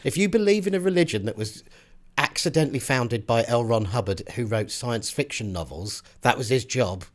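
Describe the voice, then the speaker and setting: Podcast co-host: woman, low-pitched for a woman, very lively pitch, playful and rambling. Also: moderate pace. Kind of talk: casual chat.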